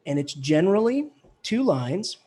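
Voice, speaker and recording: A man teaching a college English class, lively and casual, chanting poetic rhythms aloud to show the beat. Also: high voice, unhurried, slightly rough. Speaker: English professor. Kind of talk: classroom lecture.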